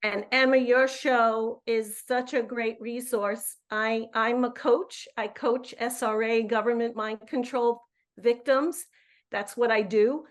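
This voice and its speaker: A woman's voice: a little high, steady tone, slow. A woman in her fifties calling in to a live show as a coach, effusive and emphatic, often repeating words as she goes. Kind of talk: live call-in chat.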